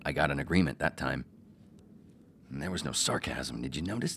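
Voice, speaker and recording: A man's voice: very deep voice, brisk, vocal fry, husky. A middle-aged man hosting a podcast, telling a profane story about his radio producer days in a casual monologue and acting out the quotes. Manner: profane, animated, acts out quotes.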